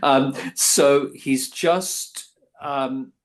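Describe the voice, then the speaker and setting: A man being interviewed as an author, speaking slowly and haltingly. He pauses often and restarts his sentences. His voice sits at an ordinary middle pitch. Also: steady tone. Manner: hesitant, many ums and restarts. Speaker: guest author. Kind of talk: casual interview chat.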